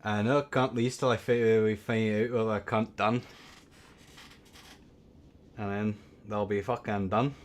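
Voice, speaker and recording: A young man hosting a game tournament stream, rambling and swearing between bursts of excited play-by-play commentary. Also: fairly low pitch, measured pace, long pauses. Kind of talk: casual livestream game commentary.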